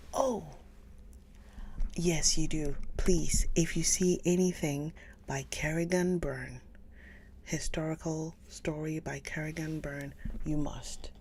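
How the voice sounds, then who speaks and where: A woman hosting a live stream, chatting casually with viewers, gushing over books and often slipping into a soft whisper. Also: sits low, slight background noise. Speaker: livestream book reader host. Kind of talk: casual livestream chat.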